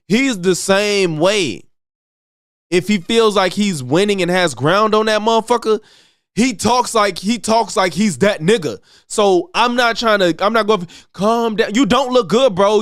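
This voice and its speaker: A man's voice: sits high, fairly bright tone, clear, resonant tone, no echo, studio quality. Blunt, profane man reacting to clips. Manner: blunt, profane, mocking impressions of others. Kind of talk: casual reaction commentary.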